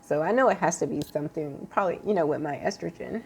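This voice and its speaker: A woman talking earnestly to her viewers in an unscripted personal vlog, halting, with many fillers and restarts. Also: deep voice, gravelly, a little hiss or hum. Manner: earnest, confiding tone. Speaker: vlogger sharing a health update.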